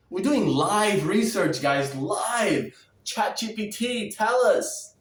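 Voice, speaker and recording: A man's voice: high voice, expressive, slow. A man ranting to camera in a vlog, sarcastic and fired up, swearing and mocking his viewers. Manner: sarcastic, fired-up, profane, mocks viewers in quoted voices. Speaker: diet vlogger. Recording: roomy echo, distant from mic.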